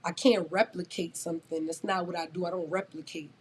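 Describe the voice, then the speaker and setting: A woman's voice: lowish voice, fairly even intonation, brisk, a little hiss or hum. A woman in her twenties talking in a casual podcast chat, blunt and emphatic, swearing freely. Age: 20s. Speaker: guest rapper.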